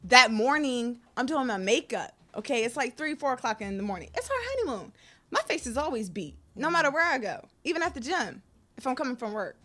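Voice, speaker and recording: A woman's voice: on the high side, a little fast. Frank storytelling woman. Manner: animated and frank, laughs often between lines. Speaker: guest sharing her story. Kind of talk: candid personal storytelling.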